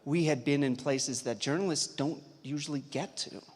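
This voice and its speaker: A man, an investigative reporter, telling a lively anecdote at a conference talk. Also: on the high side, moderate pace. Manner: lively anecdotal storyteller, reads aloud then chats. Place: large convention hall. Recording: echoey hall.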